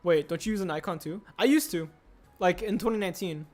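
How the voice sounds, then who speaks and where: A man's voice: sits high, fast talker. Young man, streamer, casual rambling chat, reads chat aloud, faint music behind. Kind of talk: casual livestream chat while building a set.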